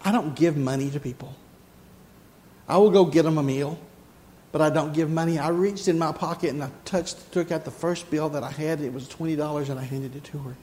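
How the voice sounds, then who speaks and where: Man, pastor, preaching, fairly high voice, emphatic, repeats key phrases. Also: fairly even intonation, brisk, darkish tone, in a large hall, a little hiss or hum. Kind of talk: sermon.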